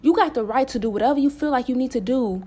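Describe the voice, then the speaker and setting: Scolding woman with a higher voice. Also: quick pace, dark tone. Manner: scolding, repetitive, preacher-like. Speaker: spiritual channel host. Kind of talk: spiritual warning monologue.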